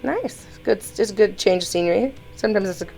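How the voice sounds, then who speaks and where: A woman's voice: medium pitch, lively intonation, fast, gravelly, a little mellow, faint music behind. A woman hosting a reaction video, commenting in an easygoing, conversational way with asides. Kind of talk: casual commentary.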